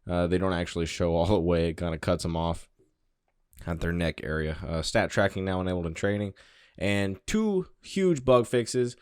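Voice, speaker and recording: Man with a lowish voice, gaming channel host reading patch notes, offhand asides, dry close recording. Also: clear, resonant tone, no room sound. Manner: offhand, reads in flat bursts with quick asides. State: out of breath.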